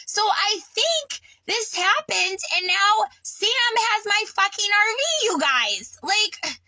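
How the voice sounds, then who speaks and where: A woman's voice: extremely high pitch, expressive, measured pace, bright, forceful tone, no room sound, low-quality recording. Agitated, swearing woman venting. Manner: agitated, swearing, stammering restarts. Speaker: vlogger. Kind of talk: unscripted personal vlog rant. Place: on her sailboat.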